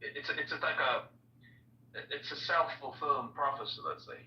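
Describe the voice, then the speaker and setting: An Italian man speaks in earnest, halting English with a clear Italian accent, often doubling words while he finds his way. He sounds far from his mic in a reverberant room, and the signal is dull and muffled. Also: mid-range voice, bright, forceful tone. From Italy. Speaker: guest in an online audio chat. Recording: echoey, distant, dull audio chat.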